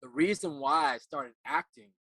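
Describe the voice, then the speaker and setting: Earnest man with a bright, forceful voice. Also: on the high side, slightly rough, dry recording. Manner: earnest, halting, repeats words while recalling. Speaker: actor and life coach guest. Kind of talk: reflective personal storytelling.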